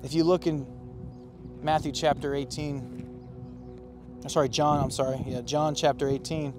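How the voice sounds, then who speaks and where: A man delivers an emphatic, animated sermon as pastor. His voice sits a little high for a man. Music plays clearly underneath his preaching. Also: a little slow.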